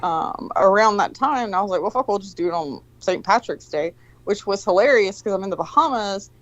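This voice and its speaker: A woman's voice: medium pitch, lively intonation, fairly quick, dry recording, highs cut off. A woman co-hosting a podcast in casual chat, blunt and teasing, swearing freely. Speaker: podcast co-host.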